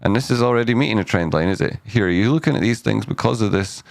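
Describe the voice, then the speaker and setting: A man's voice: on the low side, fast, vocal fry, no echo. A man hosting a casual live stock chart analysis, rambling and jokey, cutting himself off mid-sentence. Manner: rambling, self-interrupting, jokey asides.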